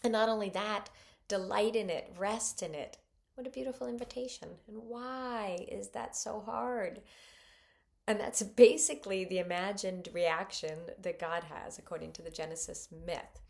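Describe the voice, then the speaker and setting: A middle-aged woman reflecting on scripture in an earnest, expressive way. Her voice sits in a middle register with a gravelly fry at the ends of phrases. She leans into quoted voices with sudden lifts. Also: medium pitch, measured pace. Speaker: parishioner giving a reflection.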